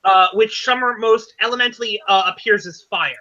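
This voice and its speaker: High, bright-voiced game master. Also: male voice, dull audio. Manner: halting, many fillers and self-corrections. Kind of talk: narrating a tabletop game.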